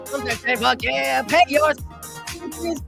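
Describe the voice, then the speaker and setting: A man live streaming, chatting casually with his audience, hyped and shouty, profane, dropping to mumbled asides. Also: extremely high pitch, slow, creaky, music in the background.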